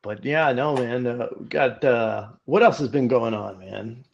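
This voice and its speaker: A man co-hosting a podcast in casual, joking chat, rambling and animated. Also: mid-range voice, unhurried, vocal fry, lo-fi sound, a little hiss or hum. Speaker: podcast co-host.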